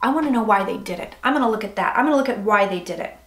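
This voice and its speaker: A woman's voice: mid-range voice, expressive, racing. A young woman hosting a casual tarot livestream, chatty and frank, swearing and reading viewer comments aloud. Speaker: psychic livestream host. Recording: echoey room, faint noise.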